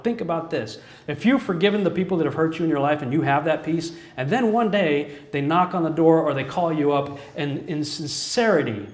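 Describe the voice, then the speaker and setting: A man giving an earnest personal testimony as a sermon, telling his story with frequent chuckles. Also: fairly high pitch. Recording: echoey room.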